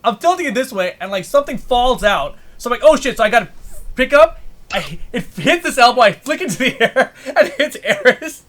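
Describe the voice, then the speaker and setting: A man on a casual podcast, eagerly jumping in to tell his side and laughing as he talks. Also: very high voice. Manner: fast, excited, laughing mid-sentence.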